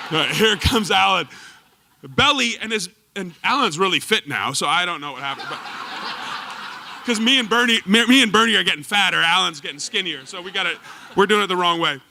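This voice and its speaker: A man telling lively, laughing stories about his old coach to a live audience, acting out the quotes. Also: high voice, normal speed, noisy background. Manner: animated, laughing, acts out quotes. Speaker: former goalkeeper telling stories at a tribute event. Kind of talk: storytelling speech to a live audience. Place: performance hall stage.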